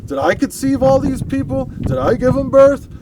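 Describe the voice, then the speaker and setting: A man putting on a worn-out old leader who pleads to the heavens, anguished and exasperated, his voice shooting up high and loud. It sounds distant from the mic, with faint traffic outside. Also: steady tone, normal speed. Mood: pleading, exasperated.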